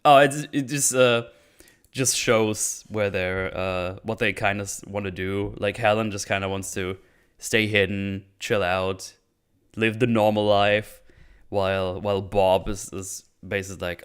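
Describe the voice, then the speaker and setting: A man hosting a casual movie podcast, laughing often and acting out scenes in quick silly voices. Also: fairly low pitch, fairly even intonation, fairly bright tone, clean tone. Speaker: podcast host. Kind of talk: casual movie-review chat.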